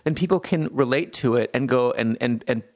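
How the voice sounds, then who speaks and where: A man chatting casually as a podcast host, telling a story with lots of restarts and bursts of acted-out yelling. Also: mid-range voice, fairly quick. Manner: animated, acts out his younger self yelling with lots of restarts.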